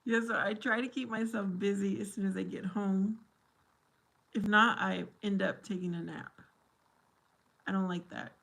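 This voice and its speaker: A woman's voice: mid-range voice, fairly even intonation, normal speed, creaky, long pauses, a bit bright. A middle-aged woman hosting a casual livestream chat with her viewers, silly and giggly. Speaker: livestream host.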